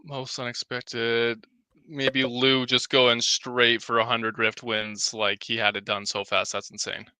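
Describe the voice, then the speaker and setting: A man's voice: medium pitch, level tone, unhurried, sharp tone, clear, resonant tone, no room sound. A man from the marketing side of a game, answering podcast questions casually and enthusiastically.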